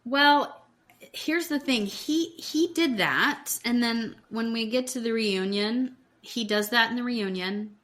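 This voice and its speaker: Slow, measured woman co-host. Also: fairly high pitch, fairly bright tone. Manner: slow, searching for words, many affirming murmurs. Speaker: podcast co-host. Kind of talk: casual recap chat.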